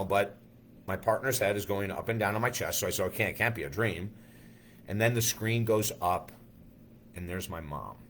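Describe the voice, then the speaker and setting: A man with a fairly low voice speaks as a life coach, telling an earnest personal story in a heartfelt monologue. He pauses and restarts his sentences as he goes. A faint background noise sits under his voice. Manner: earnest and emotional, with frequent fillers and restarts.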